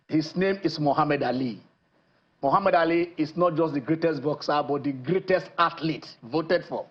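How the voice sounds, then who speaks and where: A man from Nigeria hosting a TV sports show, lively and rambling, with lots of fillers and restarts. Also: a little high, lo-fi sound. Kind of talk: TV sports show chat and interview. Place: TV studio.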